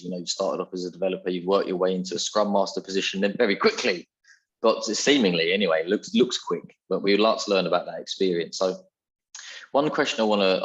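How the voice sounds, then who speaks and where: A deep, husky-voiced man hosts a podcast interview over a video call, upbeat and chatty. His audio sounds slightly muffled and lo-fi. He talks effusively and keeps the conversation moving. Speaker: podcast host. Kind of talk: casual interview chat.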